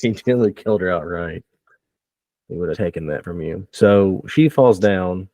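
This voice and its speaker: Deep-voiced male game master, laughing. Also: moderate pace, dry recording. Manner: laughs often, relaxed banter. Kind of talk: narrating a tabletop game.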